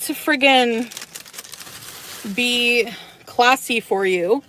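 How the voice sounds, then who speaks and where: A woman's voice: mid-range voice, unhurried, long pauses, a little hiss or hum, rough recording. Ranting woman livestreamer, crude and angry. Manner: angry, crude and insulting, cuts off her own swearing.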